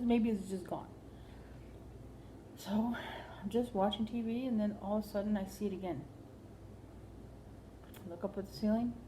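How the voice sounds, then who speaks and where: A woman's voice: mid-range voice, warm tone, a little hiss or hum. A woman telling a comic story in a rambling way, full of fillers and "like". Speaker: comedian.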